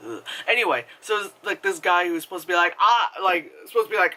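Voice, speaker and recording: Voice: medium pitch, normal speed, sharp tone, a little hiss or hum. A movie reviewer talking into a camera in a casual, rambling vlog review, swearing freely and laughing often. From United States.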